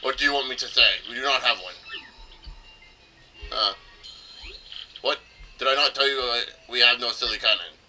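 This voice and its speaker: A man voicing gruff male bomb creatures from a game, reading their lines in broken English with a put-on foreign accent. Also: mid-range voice, huge pitch swings, very slow, long pauses, pushed and bright, a little hiss or hum, heavily acted, poor audio. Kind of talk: reading game dialogue aloud.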